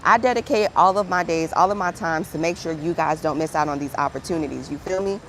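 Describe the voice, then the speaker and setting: A woman's voice: low voice, fast, fairly bright tone, a little hiss or hum. A woman hosting a livestream as a grant writer, chatting casually and encouragingly with her viewers. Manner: upbeat, encouraging, chatty, calls viewers "friend".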